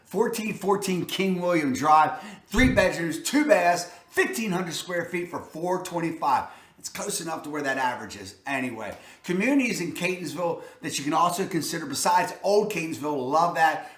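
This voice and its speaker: A man's voice: a bit bright, echoey room. A man with a Baltimore accent, a real estate agent talking up his area in an emphatic, salesy vlog style. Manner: salesy, emphatic, repeats "I'm telling you" and "boom".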